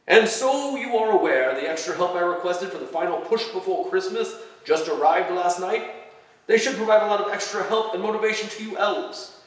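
A man's voice: sits high, fairly quick, pitched above the performer's own voice, close to an everyday voice. A man doing a bellowing, bossy Santa boss. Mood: commanding. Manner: bellowing, commanding. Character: stern bossy old male Santa boss. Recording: echoey hall from far off.

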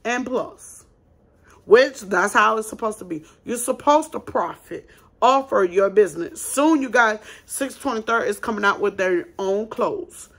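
A woman's voice: medium pitch, animated, a little slow. A woman running her own small business, hosting a casual advice vlog and talking bluntly and emphatically straight to her viewers.

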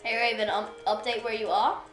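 A woman's voice: fairly high pitch, a little fast, reverberant, soft background music, low-quality recording. Chatty, playful woman streamer. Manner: playful, chatty, bursts of squealing excitement. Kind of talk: casual gameplay chat.

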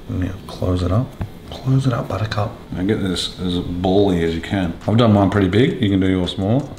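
A man's voice: sits low, moderate pace, reverberant, noisy background. An Australian man hosting a casual cooking show, joking crudely and swearing constantly as he cooks in a kitchen. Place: home kitchen.

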